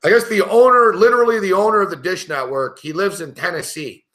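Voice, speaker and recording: A middle-aged man hosting a sports betting show spins brash, profane stories in a casual chat, laughing as he goes. His voice is bright, forceful, and a little high, and he speaks fairly quickly.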